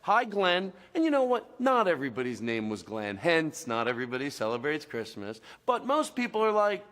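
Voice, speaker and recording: A man's voice: mid-range voice, wildly swooping pitch, a little fast, fairly bright tone, big-room sound. A man comedian delivering a rambling, mock-angry rant to the camera. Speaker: comedian guest.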